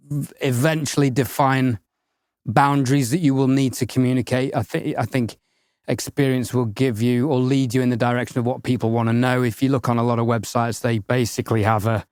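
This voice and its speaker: Measured male podcast co-host. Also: medium pitch, darkish tone, dry recording, studio quality. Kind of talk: casual podcast chat.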